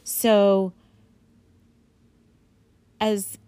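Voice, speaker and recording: A woman's voice: medium pitch, level tone, drawn-out words, warm tone, clean tone, no room sound. A woman retelling a Bible story in a casual, rambling way, full of fillers. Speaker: Bible teacher.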